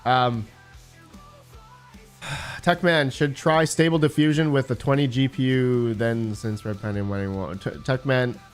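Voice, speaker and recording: A man's voice: mid-range voice, fairly even intonation, measured pace, soft background music. A man hosting a casual live stream, rambling as he thinks aloud and answers his chat.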